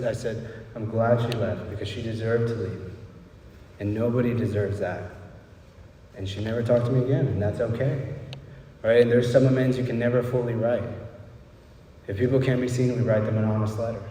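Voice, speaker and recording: A man's voice: mid-range voice, dark tone. Recovery speaker, man, 30s, loose and confessional, constantly asking "right?", recorded at a distance in a roomy hall with faint background noise. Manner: candid, rambling, frequent "right?" asides. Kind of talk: personal recovery talk.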